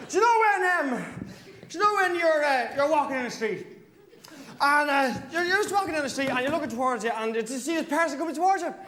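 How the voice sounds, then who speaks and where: High-pitched, frantic stand-up comedian man. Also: animated, brisk, pushed and bright. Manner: frantic, breathless rambling with hesitations.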